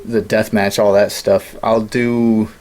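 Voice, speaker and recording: A man's voice: lowish voice, level tone, slow, darkish tone. A man in casual studio chat, telling long gaming stories with lots of swearing and laughter. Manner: rambling storyteller, swears often, laughs at his own stories. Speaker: podcast co-host.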